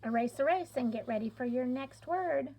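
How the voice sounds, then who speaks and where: A middle-aged woman teaching a phonics lesson, sounding out letters and stretching words clearly in an encouraging classroom manner. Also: high-pitched, lively intonation, moderate pace, mellow. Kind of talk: slow, deliberate classroom instruction.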